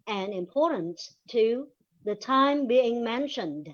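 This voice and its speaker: A woman whose first language is Vietnamese, presenting a linguistics webinar in slow, deliberate reading with pauses. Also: fairly high pitch. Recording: dull lo-fi recording.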